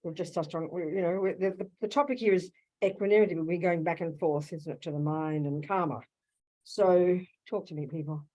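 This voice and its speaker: An Australian woman teaches a live Buddhist Q&A session in a meditation hall with an audience, bluntly and directly calling listeners sweetheart and darling. Her fairly low, mellow voice runs a little fast with fairly even intonation, captured on a handheld microphone in a muffled recording.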